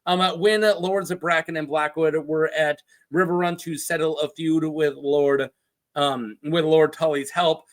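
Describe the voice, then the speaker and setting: Brief: high-pitched male lore host, casual and chatty, cracks jokes and puts on quick voices. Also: steady tone. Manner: chatty, jokey asides with put-on quote voices.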